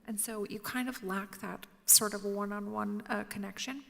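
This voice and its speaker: A woman's voice: mid-range voice, fairly even intonation, normal speed, vocal fry, fairly bright tone, a little hiss or hum. A woman telling humorous, self-mocking stories to an audience on stage, dropping to a whisper for quoted lines. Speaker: featured speaker. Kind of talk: storytelling on stage. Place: lecture hall with audience. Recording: roomy hall reverb.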